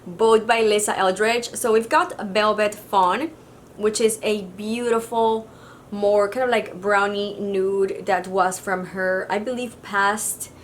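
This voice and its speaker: A woman's voice: mid-range voice, takes it slowly, slight background noise. Chatty woman vlogger narrating makeup. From Mexico. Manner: chatty and casual, with fillers like "kind of like". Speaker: beauty vlogger.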